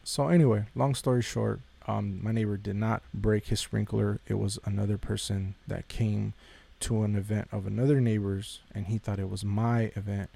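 A man's voice: on the low side, little pitch movement, normal speed, creaky, dark tone, breathy edge. A man hosting a podcast, giving a casual devotional talk in a conversational way, repeating phrases and addressing listeners directly. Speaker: podcast host.

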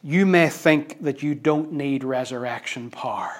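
A man preaching a sermon with emphatic, dynamic delivery that swings between loud declarations and hushed asides, conversational and lightly humorous. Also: medium pitch, measured pace.

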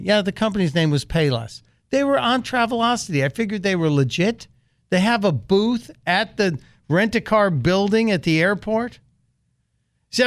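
In a clean, dry studio recording, an American radio talk-show host of middle age spins a story as a monologue. He speaks with a high voice at a moderate pace, lively throughout, and acts out each voice he quotes.

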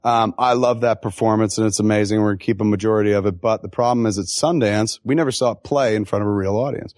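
A man's voice: on the low side, quick pace, dry recording, studio quality. A middle-aged man, a film director, talking casually in an interview and telling stories with acted-out quotes and frequent swearing. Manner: animated, profane storyteller who acts out quotes.

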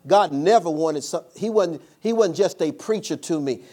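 Pastor man preaching, kinda high voice, tells stories, laughs along. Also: normal speed, warm tone. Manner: preaching with call-and-response, storytelling, laughing at times. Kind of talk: sermon.

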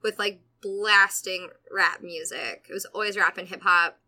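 A young woman from Atlanta telling a casual story with animated quoted voices and frequent laughter. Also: medium pitch, measured pace. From Atlanta, USA. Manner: animated, laughs often, acts out quotes loudly.

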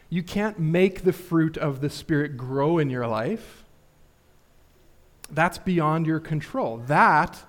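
Casual, chatty male preacher, higher voice. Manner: casual, filler-heavy, asks rhetorical questions. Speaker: pastor. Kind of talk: conversational sermon.

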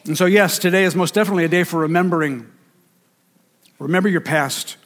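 Man, pastor, higher-pitched voice, sermon, emphatic rhythmic preaching, repetition. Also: fast, fairly bright tone.

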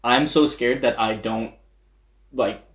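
A man's voice: mid-range voice, slow. A young man in casual chat, animatedly telling a story and acting out what others said. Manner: animated storytelling, acting out quotes, frequent laughter. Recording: roomy echo.

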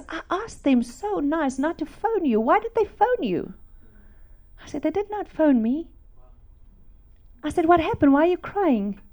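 This is a high-pitched voice: a middle-aged South African woman giving a testimony sermon, full of animation and laughter, alternating loud passages with quiet ones.

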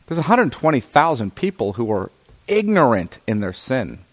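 A man's voice: mid-range voice, big pitch swings, normal speed. A man teaching a Bible passage to a group, reading verses aloud and then explaining them, checking in often with his listeners. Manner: reads scripture aloud, then explains it with frequent "right?" checks. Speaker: preacher.

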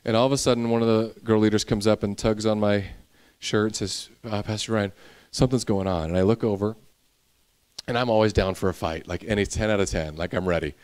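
A man's voice: lowish voice, fairly even intonation, a little fast, a little mellow, smooth. A young male pastor preaching a sermon, telling a personal story and building into intense preaching.

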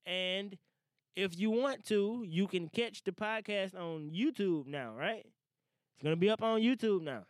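A man's voice: high-pitched, normal speed, dry recording, studio quality. Slangy young male podcast host. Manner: loose, slangy and animated, swearing and laughing. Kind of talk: casual podcast monologue. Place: small studio.

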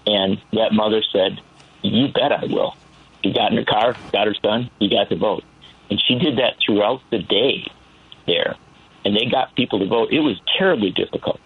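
A man giving earnest call-in commentary, building passion as he speaks, with a gravelly voice. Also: on the low side, normal speed. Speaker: political commentator. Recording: tinny phone line.

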